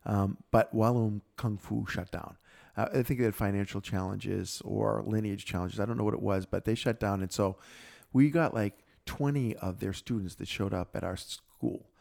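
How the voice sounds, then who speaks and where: A middle-aged man co-hosting a podcast, telling a personal story in a casual, reflective way and lively when quoting others. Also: on the low side, moderate pace, gravelly. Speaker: podcast co-host.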